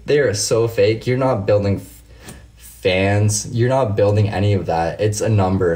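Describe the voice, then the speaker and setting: A man with a somewhat low voice talks on his own livestream, chatting loosely with viewers and answering their comments. He falls into heated, profanity-laden rants, swearing freely as he goes. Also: a little mellow. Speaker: livestream host. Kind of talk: casual livestream chat, reading comments.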